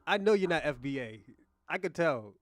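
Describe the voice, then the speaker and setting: High-voiced mocking male livestreamer. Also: lively intonation, normal speed. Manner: mocking, laughs often, repeats himself. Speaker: livestream host. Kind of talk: casual livestream rant.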